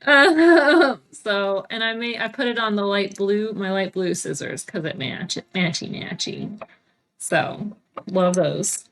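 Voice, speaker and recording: A woman's voice: mid-range voice, slow, a bit bright. A woman co-hosting a cross-stitch video podcast, chatting casually and showing off her craft supplies, with lots of fillers. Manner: chatty, bubbly, filler-heavy. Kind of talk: casual chat. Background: TV playing.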